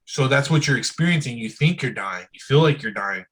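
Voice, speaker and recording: A man's voice: mid-range voice, expressive, brisk, fairly bright tone, husky, low-quality recording. A man as an interview guest in casual, candid conversation, speaking loosely and frankly and often saying "bro" and "dude".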